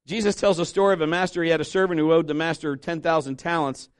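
A pastor delivers a sermon at a fast clip in a clean tone, animated and emphatic. When he reads scripture aloud, his voice drops softer and lower.

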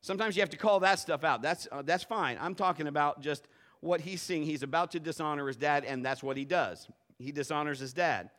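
A middle-aged man preaching a sermon as a pastor, telling a story and swinging from low murmurs to loud outbursts. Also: fairly quick.

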